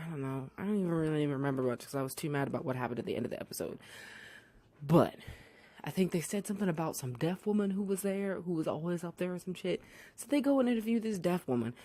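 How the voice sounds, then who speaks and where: A podcast reviewer recapping a TV episode in a casual, profane way, with sarcastic asides and lively put-on voices for the characters. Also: medium pitch. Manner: blunt, sarcastic asides, heavy swearing; drawn-out, animated voices when quoting characters.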